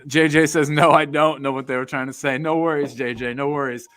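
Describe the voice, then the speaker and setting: A man's voice: on the high side, steady tone, fairly quick, a bit bright, smooth, no echo. Rambling American guy reading comments. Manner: rambling, repeats words, upbeat. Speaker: podcast host. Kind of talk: casual chat reading live comments.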